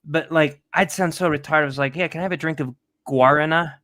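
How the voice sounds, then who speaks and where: A man's voice: on the high side, steady tone, fast talker, a bit bright. A man hosting a casual livestream, rambling with profane jokes. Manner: rambling, profane, joking asides. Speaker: podcast host.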